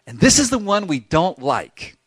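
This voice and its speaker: A man preaching a sermon as pastor in a church, talking in an animated, emphatic way with lots of repetition, sometimes acting out voices. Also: high voice, normal speed, slightly rough, no echo. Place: church sanctuary.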